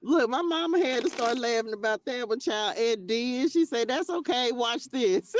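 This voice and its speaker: A fairly high-pitched woman speaks at a moderate pace, with no room sound, hosting a casual livestream into a tablet mic. Chatty and expressive, she calls her viewers baby and child and breaks out in bursts of laughter.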